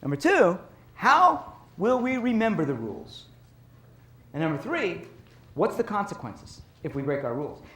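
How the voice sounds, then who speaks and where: A middle-aged man giving a professional development talk to educators, telling lively stories and acting out teachers and kids. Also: high voice, moderate pace. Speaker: speaker on child behavior for educators. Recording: roomy echo.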